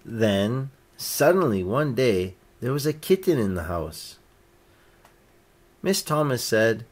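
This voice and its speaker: A man reading a children's picture book aloud, gently lifting his voice for each character's lines. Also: lowish voice, very animated, slow. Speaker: storyteller.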